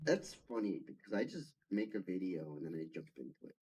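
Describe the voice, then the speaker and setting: A man's voice: sits low, very animated, a little fast, dark tone, husky. A man co-hosting a casual livestream, joking and teasing the others. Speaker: stream co-host.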